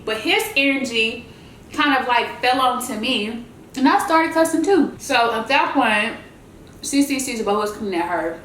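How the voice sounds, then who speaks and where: A woman vlogger telling a story in a chatty, animated way while she eats, and she calls her viewers y'all. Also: fairly high pitch, moderate pace, reverberant, a little hiss or hum, low-quality recording. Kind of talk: casual storytelling while eating.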